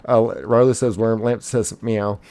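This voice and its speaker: Low, dark-voiced male streamer. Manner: reads chat messages aloud in quick succession, playful and excitable; casual, uses "y'all". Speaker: streamer reading chat. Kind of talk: live gaming stream chat.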